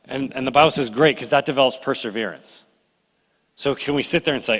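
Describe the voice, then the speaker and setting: A middle-aged man preaching a sermon, animated and conversational, acting out complaining voices as he tells the story. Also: mid-range voice, quick pace. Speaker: pastor. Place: church sanctuary. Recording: reverberant church hall.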